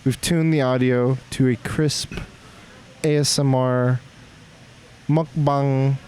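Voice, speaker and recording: A man's voice: mid-range voice, steady tone, slow pace, a little mellow, slight background noise. A man hosting a casual podcast, joking and laughing often with his co-hosts. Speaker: podcast host.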